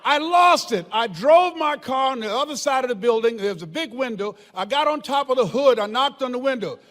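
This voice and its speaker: An older man delivers a motivational speech in a very high, lively voice that swings up and down. He tells stories with emphasis, often shouting and laughing. A long reverb trails his words through the large hall. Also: fairly quick. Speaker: motivational speaker. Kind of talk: motivational speech to a live audience.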